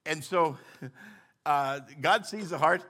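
Bright-voiced older male pastor preaching. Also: on the high side, slow pace. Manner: storytelling, animated with bursts of emphasis and laughter. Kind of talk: sermon.

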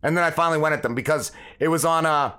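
A man's voice: a little high, fast, sharp tone, clean tone. A man hosting a podcast, telling a story in heated, profane casual chat. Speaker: podcast host.

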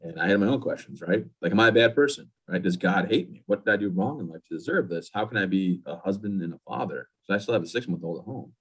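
A man in his thirties talks fast in a very low, husky voice. He tells his story in a candid, plain-spoken way. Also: animated. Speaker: interview guest, veteran. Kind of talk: personal story in interview.

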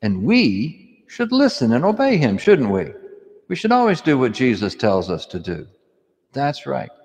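Lively priest in an echoing church. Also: male voice, medium pitch, unhurried. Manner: animated storytelling, asks kids questions. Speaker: priest or deacon. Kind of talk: gospel reading and children's homily. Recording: long church reverb.

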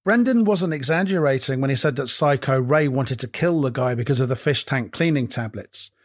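A man giving measured, wry documentary narration as presenter. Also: mid-range voice, expressive, no room sound, studio quality. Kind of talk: scripted narration.

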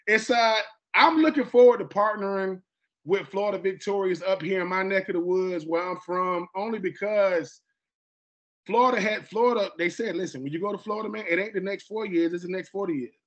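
A man's voice: high-pitched, a little fast, lo-fi sound. A man from Georgia, hosting a casual podcast chat and acting out quoted dialogue with lots of restarts. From Georgia, USA. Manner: animated, acts out quoted dialogue; repeats and restarts often. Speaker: podcast host.

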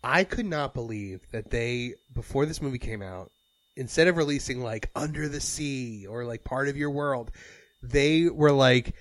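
A man's voice: mid-range voice, normal speed, no echo. Rambling man co-hosting a podcast. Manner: rambling, many fillers and restarts. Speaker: podcast co-host. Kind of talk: casual chat.

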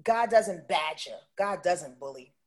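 A woman speaking as an interview guest about intuition, animated and emphatic, often checking in with "right?". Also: lowish voice, unhurried. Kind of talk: casual conversational interview.

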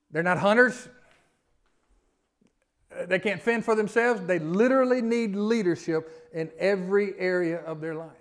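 A male pastor preaching a sermon, swinging from loud emphatic lines to quiet asides and stacking rhetorical questions. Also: high-pitched. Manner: repetitive, building lists of rhetorical questions.

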